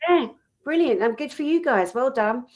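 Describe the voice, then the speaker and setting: A woman's voice: high voice, normal speed. Outspoken woman in casual chat. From Britain. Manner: passionate, outspoken, animated storytelling. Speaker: co-host.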